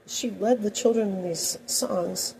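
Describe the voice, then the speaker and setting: A woman's voice: mid-range voice, unhurried, creaky, dark tone, a little hiss or hum, rough recording. A woman telling personal stories in a rambling, anecdotal monologue full of asides. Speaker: host.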